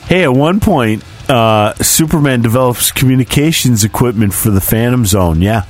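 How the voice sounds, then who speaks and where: A man co-hosting a podcast, recapping a movie in a relaxed, rambling way and laughing easily. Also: medium pitch, normal speed, faint music behind. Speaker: podcast co-host. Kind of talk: casual chat and movie recap.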